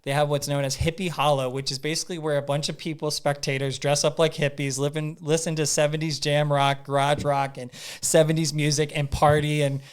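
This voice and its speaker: A man telling a story as a podcast guest in a casual, animated way, acting out his own thoughts and using lots of fillers. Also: on the high side, brisk, hardly any pauses, smooth. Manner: frequent "like" fillers and repeats.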